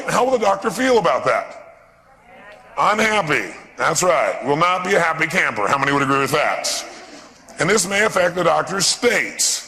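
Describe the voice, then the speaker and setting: A man giving a live seminar talk in a large hall, lively and constantly quizzing the audience with questions. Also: fairly high pitch, creaky. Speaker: seminar speaker. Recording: echoey hall with long reverb.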